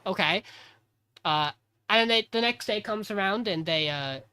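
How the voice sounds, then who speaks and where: Bright-voiced man recapping an episode. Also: high-pitched, moderate pace, smooth. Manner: animated, acts out character lines. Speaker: podcast host. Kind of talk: casual chat recapping an anime episode.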